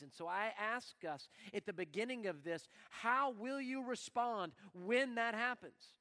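A male pastor preaching a sermon dramatically, acting out quoted voices and swinging between loud and hushed. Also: high voice, animated, measured pace, hardly any pauses, in a large hall.

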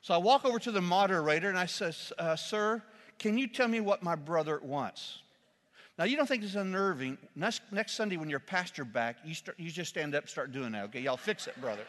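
A man, a pastor, preaching a sermon in a church, telling a humorous story with lively, shouted quotes. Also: high voice, a little fast, in a large hall.

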